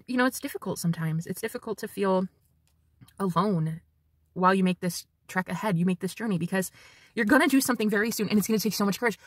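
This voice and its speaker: A woman's voice: medium pitch, slightly rough, no room sound. Chatty swearing psychic woman, dry sound. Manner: chatty, swears freely, animated impressions. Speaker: psychic tarot reader. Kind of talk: casual spiritual reading monologue.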